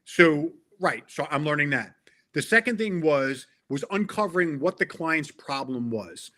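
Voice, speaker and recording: A middle-aged man with a fairly high, bright and forceful voice talks as a guest in a casual interview. He is earnest and emphatic and often stumbles and restarts mid-sentence as he makes his point. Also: lively intonation, a little slow. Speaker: interview guest, tech sales veteran.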